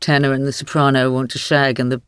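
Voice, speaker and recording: A woman in her sixties, a guest author in a podcast interview, telling stories in a wry, lively way with frequent laughs. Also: a bass voice, fast, clear, resonant tone, no echo, clean studio sound.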